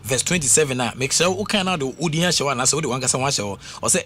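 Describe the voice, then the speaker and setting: A Ghanaian man talking casually on the radio as host, animated and repetitive, with many fillers. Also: mid-range voice, very fast, few pauses. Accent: Ghanaian English. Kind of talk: casual radio talk mixing English and Twi.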